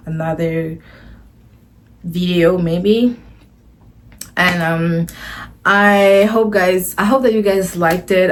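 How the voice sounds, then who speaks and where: A woman talks straight to the camera in a relaxed storytime vlog. She gushes and rambles, circling back and restarting her sentences as she goes. Her pitch sits in the middle range. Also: a little hiss or hum. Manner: gushing and rambling, often restarting phrases. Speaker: vlogger.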